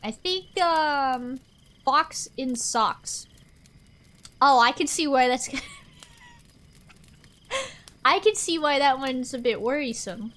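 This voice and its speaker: A woman's voice: high voice, lively intonation, slow pace, pauses often, fairly bright tone. A young woman streamer chatting casually with her live audience, rambling and answering chat aloud.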